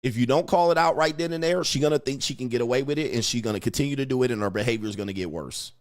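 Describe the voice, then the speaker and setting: A man's voice: medium pitch, very fast, no room sound. Blunt, profane man ranting dry. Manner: blunt, crude, preachy, mocking. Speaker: dating advice host. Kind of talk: profane commentary rant reacting to comments.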